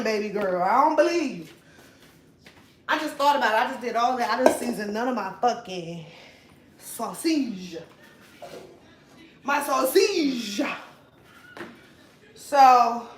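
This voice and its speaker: A young woman with a high voice chats through a home cooking vlog, swearing freely and laughing often. Her volume jumps from loud bursts to near mutters. The kitchen rings with echo, with a faint hiss of noise behind her. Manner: chatty, profane, laughs often, swings loud and soft. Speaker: vlogger. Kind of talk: casual cooking vlog chat. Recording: echoey room, faint noise.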